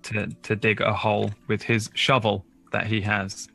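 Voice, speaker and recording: A laid-back male game master talks through the rules with many ums and uhs. His voice sits low and gravelly, with a bright, forward edge to it. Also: completely flat delivery, unhurried, faint music behind. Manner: laid-back, filler-heavy. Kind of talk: casual tabletop game narration.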